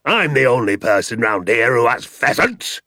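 A man voicing a furious, pompous rich man who shouts and bellows at his neighbours. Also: mid-range voice, big pitch swings, normal speed, husky, no echo, studio quality, heavily acted.

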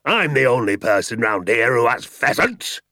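A man voicing a furious, bullying rich landowner who shouts and blusters at his neighbours. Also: medium pitch, big pitch swings, moderate pace, no echo, clean studio sound. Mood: yelling.

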